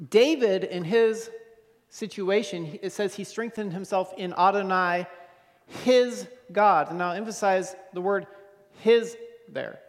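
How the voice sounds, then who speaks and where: Male pastor with a high voice, earnest and repetitive, preaching in a reverberant hall. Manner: earnest, repeats words and asks "okay?". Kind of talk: sermon.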